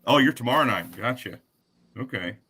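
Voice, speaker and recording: Bright-voiced man hosting a casual livestream. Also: mid-range voice, expressive, moderate pace, breathy edge. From Kentucky area. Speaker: livestream host. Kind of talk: casual interview chat.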